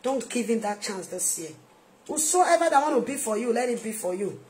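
A woman minister with a Nigerian accent, preaching an emphatic sermon-style video message that repeats its points and swings between soft asides and loud outbursts. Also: fairly high pitch, expressive, brisk.

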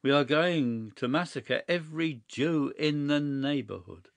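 A man reading a story aloud, voicing a cool, mischievous young gentleman who speaks calmly and matter-of-factly. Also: on the high side, measured pace, vocal fry, dry recording, voice pushed up. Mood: sly. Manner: calm, matter-of-fact, sly.

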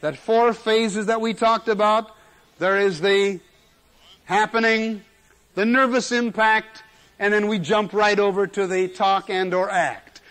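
On an old 1970s lecture recording, an emphatic man with a fairly high, slightly bright voice, possibly older, teaches a class on general semantics. He speaks unhurriedly with fairly even intonation, hammering key words by repeating them.

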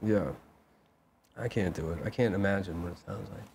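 A man with a lowish voice co-hosts a comedy podcast, needling his partner in dry, deadpan banter. A faint room noise sits under his voice. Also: normal speed, creaky. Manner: dry, teasing, deadpan jabs. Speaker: podcast co-host.

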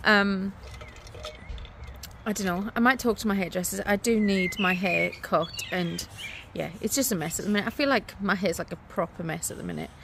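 A woman's voice: mid-range voice, normal speed, gravelly, background noise. A woman vlogging in her garden, chatting casually and laughing often. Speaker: vlogger and mother. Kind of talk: casual chat to camera. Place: outdoors in a garden.

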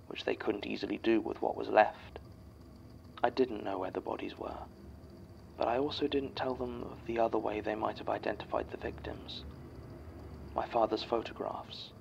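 A gravelly, low-voiced archivist reads a statement in a measured, somber way. The recording is dull and lo-fi, with a faint hiss underneath. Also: male voice. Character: male archivist reading a written statement aloud. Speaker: narrator reading a statement. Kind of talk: scripted horror narration.

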